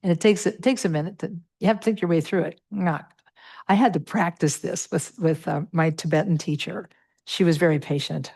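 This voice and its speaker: A woman's voice: lowish voice, fairly quick, creaky, a little mellow, breathy edge. A middle-aged woman teaching a Buddhist meditation class, patiently walking through pronunciation with many fillers.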